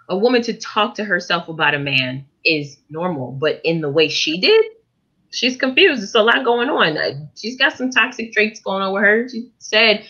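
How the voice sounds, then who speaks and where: A woman's voice: lowish voice, animated, normal speed, bright, forceful tone, muffled recording. A woman guest in a casual panel discussion, giving blunt and direct opinions. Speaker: podcast guest.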